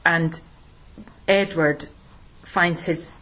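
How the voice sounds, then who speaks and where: A woman teacher explaining a play in a relaxed discussion, with plenty of ums and restarts. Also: on the low side, very slow, low-quality recording. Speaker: English teacher. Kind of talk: recorded literature lesson discussion.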